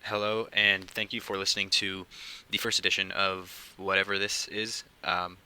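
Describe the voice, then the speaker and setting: A young man hosting his own casual podcast, talking quietly and hesitantly at home late at night, with many fillers. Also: low-pitched, level tone, normal speed, clean tone, low-quality recording. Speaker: podcast host. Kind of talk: casual solo podcast talk.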